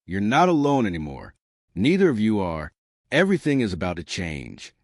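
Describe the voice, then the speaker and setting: A man's voice: lowish voice, huge pitch swings, normal speed, no room sound, studio quality. A man doing a remorseful rich father. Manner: emotional, breaking voice. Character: remorseful wealthy father, middle-aged man.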